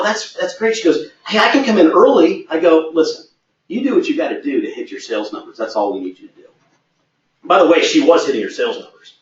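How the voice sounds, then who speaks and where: A man as a sales trainer, telling a workplace anecdote in a training webinar and acting out the quoted dialogue. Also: fairly high pitch. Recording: echoey, distant, muffled.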